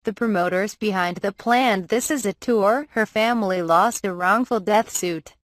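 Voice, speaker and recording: A woman's voice: medium pitch, normal speed, no echo. Woman reading an article, dry sound. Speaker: article reader. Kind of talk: scripted narration of a magazine profile.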